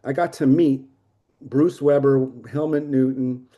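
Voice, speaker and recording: A man in his sixties telling stories of his career as a photographer in a casual interview, lively, swearing, acting out the people he quotes. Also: mid-range voice, unhurried, highs cut off. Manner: animated, swearing storyteller who acts out quotes. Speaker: photographer guest.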